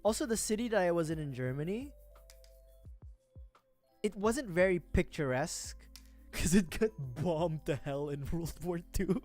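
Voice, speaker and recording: Woman, casual livestream chat, giggly, rambling, lively pitch, soft background music. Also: measured pace, pauses often. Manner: rambling and giggly, with frequent laughing fits and restarts. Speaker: VTuber streamer. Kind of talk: casual livestream chat while building a model kit.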